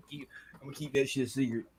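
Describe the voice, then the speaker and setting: A man joking animatedly among friends and swearing freely. His voice is mid-pitched, with a faint hiss of noise beneath it. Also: a little mellow. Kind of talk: casual chat.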